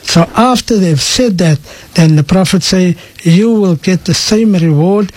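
Man, radio sheikh; higher-pitched, dry close studio sound, patient teaching manner. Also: unhurried, dry recording. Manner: calm, explanatory, mixes in Afrikaans phrases. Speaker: sheikh answering listener questions. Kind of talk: radio call-in Q and A. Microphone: radio studio microphone.

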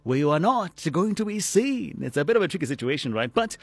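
A man hosting a lively morning radio show, mixing English with Zulu slang. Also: a little high, a little fast, husky, no room sound.

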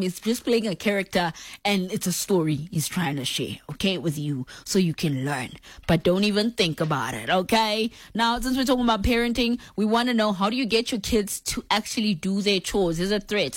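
A woman's voice: mid-range voice, brisk, no echo. A woman hosting a casual talk show. She reads listener messages, laughs often and acts out scenes with her family. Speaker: radio talk show host. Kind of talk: casual on-air chat, reading listener messages.

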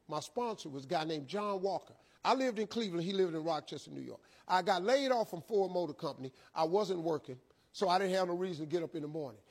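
A man telling an animated, colloquial motivational story with lots of repetition. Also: high voice, slightly rough.

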